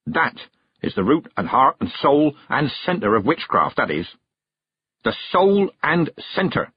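A man voicing a stern, blunt old woman witch who talks in plain, rough country grammar, in a storybook reading. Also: mid-range voice, sing-song, a little slow, dull audio, voice pushed up, full character voice. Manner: gruff, plain-spoken, dropped-g country grammar.

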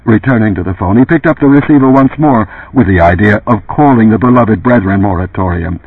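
Husky man narrating an audiobook. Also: lowish voice, brisk, dry recording. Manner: expressive, varied delivery. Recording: tinny phone-like lo-fi sound.

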